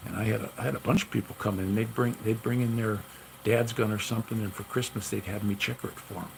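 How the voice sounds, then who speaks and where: A man's voice: lowish voice, steady tone, fast, gravelly, slight background noise, low-quality recording. A man casually telling long stories about his gunsmith work, rambling and repeating himself with lots of "you know". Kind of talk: casual storytelling.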